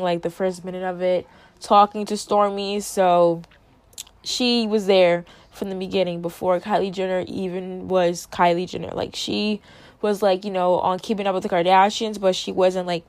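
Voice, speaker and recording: A woman hosting a casual commentary, chatty and animated, acting out what others said. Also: medium pitch, dry recording. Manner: chatty, animated, acts out quotes. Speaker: host.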